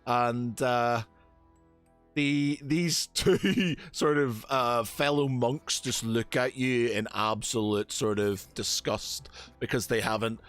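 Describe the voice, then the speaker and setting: A man's voice: medium pitch, slow, fairly bright tone, faint music behind. A man running a tabletop game as game master, hesitant, with many fillers, restarts and laughs.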